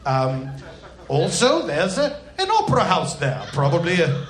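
A man's voice: a little high, wildly swooping pitch, a little slow, echoey room, slight background noise. A male comedian performing an absurd comic monologue live on stage, slipping into silly character voices. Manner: playful, absurd storytelling with silly put-on voices. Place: live stage in front of an audience.

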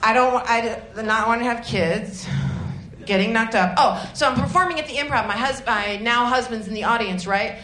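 Woman stand-up comic, slightly high voice, sarcastic and rambling, echoey club mic with room noise. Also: a little fast, a bit bright. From Detroit area, Michigan. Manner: rambling, self-deprecating, sarcastic asides. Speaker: stand-up comedian. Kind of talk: stand-up comedy set. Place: comedy club stage.

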